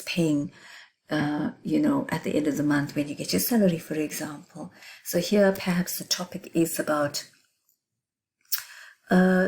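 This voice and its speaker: A middle-aged woman teacher explains writing techniques for an exam, leaning hard on key words and checking in with her students. Her voice sits low and sounds warm and mellow. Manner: emphatic, explains with examples and checks in with "right?". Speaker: English teacher. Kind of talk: exam revision lesson.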